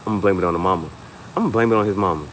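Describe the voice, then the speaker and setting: Lower-voiced man telling animated, joking stories. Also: rapid-fire, slight background noise, low-quality recording. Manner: animated storytelling, laughs often, leaps into high-pitched acted quotes. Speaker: podcast host. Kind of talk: casual comedic chat.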